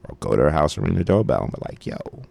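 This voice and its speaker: A man's voice: rumbling low, big pitch swings, rapid-fire, gravelly, a little mellow, slight background noise. A man co-hosting a podcast in a studio, chatting casually in a loose, joking way and swearing freely. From Brooklyn, New York. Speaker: podcast co-host. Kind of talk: casual chat. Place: radio studio. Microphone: studio mic.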